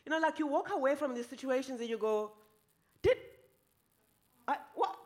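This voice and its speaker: A woman panelist with a high voice speaks in a reflective, halting way. Her tone is often soft, and she restarts her thoughts as she goes. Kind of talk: panel discussion.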